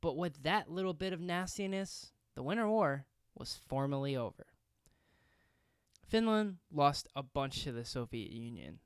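A man's voice: on the high side, clear, resonant tone, no echo, clean studio sound. A man narrating history in a casual podcast style, with conversational, reflective asides and the odd filler.

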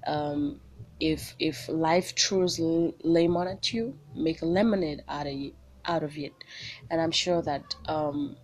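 A woman's voice: deep voice, fairly even intonation, slow. A woman with a Nigerian English accent hosting a solo podcast from her small home. She talks into a phone in a bubbly, chatty way and slips into pidgin. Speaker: podcast host. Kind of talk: solo motivational podcast chat.

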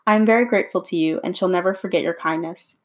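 A woman voicing a gentle, grateful tin man in a storybook reading. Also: on the low side, quick pace, lightly acted.

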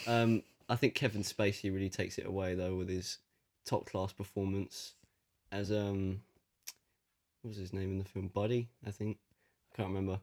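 A man's voice: low-pitched, a little mellow. A man co-hosting a podcast, chatting casually in a dry, teasing, laid-back way. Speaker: podcast co-host. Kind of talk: casual chat.

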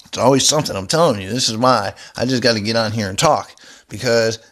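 A man's voice: medium pitch, quick pace, fairly bright tone. Angry, profane man ranting into his phone. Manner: angry, heavily profane, rambling. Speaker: vlogger. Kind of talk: unscripted profane rant. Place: indoors at home, seated.

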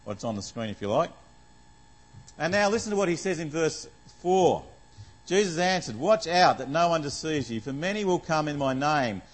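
The recording is rough, capturing a man with a slightly high voice as he preaches in a conversational way. He reads passages of scripture, asks the congregation questions, and uses plenty of fillers.

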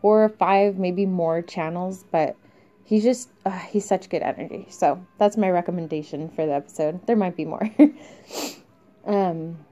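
A woman's voice: on the low side, a little slow, mellow. A young woman hosting a podcast, talking candidly in a rambling, confessional way with fillers and small laughs. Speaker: podcast host. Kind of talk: casual confessional monologue. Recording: dull lo-fi sound.

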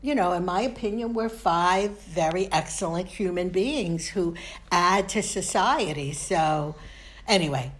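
A woman's voice: fairly low pitch, measured pace. A woman with a New York accent co-hosting a podcast in casual, chatty, self-mocking talk. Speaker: podcast co-host. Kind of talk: casual chat.

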